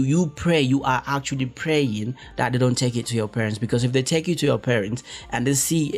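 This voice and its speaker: A man from Africa, hosting a podcast in a rambling, profane, animated monologue full of restarts. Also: mid-range voice, breathy edge. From West Africa. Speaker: podcast host. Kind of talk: casual monologue.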